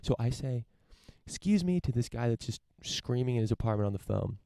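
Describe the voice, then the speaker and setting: His voice is mid-range, warm, and creaky, fast with fairly even intonation, in a dry recording. The young man hosts a casual solo podcast from his parents' home over a live-stream camera setup, talking in a rambling, profane way with lots of fillers and restarts.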